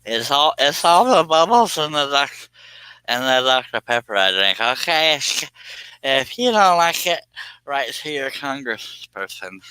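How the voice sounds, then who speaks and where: A man putting on an exaggerated goofy hillbilly voice with a Southern US accent and a swooping, drawn-out delivery. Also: mid-range voice, sing-song, pushed and bright, clean tone, no echo, voice pushed up, rough recording.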